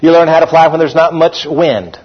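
A man preaching a lively sermon as pastor, calling out to his congregation. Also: fairly high pitch, a little fast, slightly rough. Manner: animated preaching, calls out to the congregation. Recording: dull lo-fi recording.

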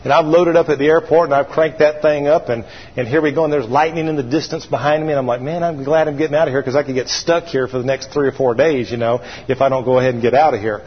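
A man's voice: medium pitch, fairly even intonation, fast talker, husky. A man preaching a sermon, telling a story in a folksy way and calling out for his congregation to answer him. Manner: call-and-response with congregation. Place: church sanctuary. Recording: dull recording with long hall reverb.

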